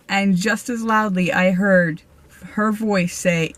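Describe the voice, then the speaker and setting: A woman medium chats to her viewers about her ghost stories, animated and laughing often. Her voice sits at an ordinary middle pitch, and she talks informally, with plenty of ums and restarts. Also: a little slow, no room sound. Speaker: spiritual medium vlogger. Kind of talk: casual storytelling to camera.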